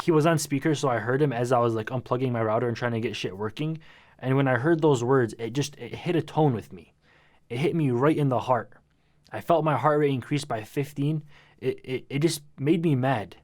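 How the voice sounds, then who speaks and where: A man telling a story on his YouTube channel in a casual, animated, slangy and dramatic way. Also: mid-range voice, a little fast.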